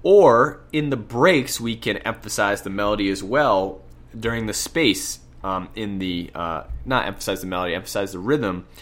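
A man's voice: on the low side, normal speed. A man with a cold and a slight lisp, casually explaining solo piano technique and often checking in with "right?". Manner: relaxed, self-correcting explanations with frequent "right?". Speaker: piano teacher. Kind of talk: casual music lesson. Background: piano playing between explanations.

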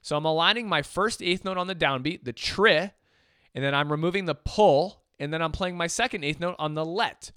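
A man's voice: on the high side, moderate pace, bright, forceful tone, smooth. A man teaching jazz swing feel, explaining patiently and counting beats aloud. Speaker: music teacher. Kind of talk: instrument lesson.

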